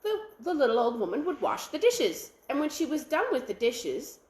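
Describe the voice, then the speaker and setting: Lively woman telling a folktale. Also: high-pitched, moderate pace, echoey room. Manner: animated, sound effects and counting for effect. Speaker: library storyteller.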